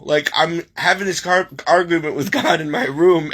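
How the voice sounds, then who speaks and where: Emotional man, bright but husky voice. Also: fairly high pitch, slow. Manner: emotional, tearing up while reading, animated storytelling. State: teary. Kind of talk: personal testimony, casual talk.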